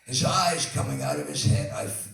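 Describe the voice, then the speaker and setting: An older man telling a rambling, animated story on stage at a live venue, full of laughing asides. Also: lowish voice, moderate pace. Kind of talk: live anecdote. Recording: echoey hall, distant mic.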